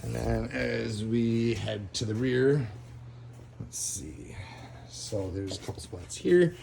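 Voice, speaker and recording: A man's voice: medium pitch, gravelly, darkish tone, a little hiss or hum. A man casually walking through a repair how-to, rambling with lots of ums and laughing at his own crude jokes, recorded on a camera mic beside a van. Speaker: DIY car repair video host.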